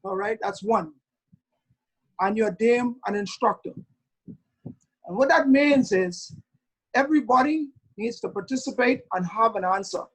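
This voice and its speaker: A middle-aged man teaching referees over a video call in an online training lecture, emphatic and drawing out key words slowly. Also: sits high, fairly bright tone, slightly rough, low-quality recording. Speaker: referee instructor.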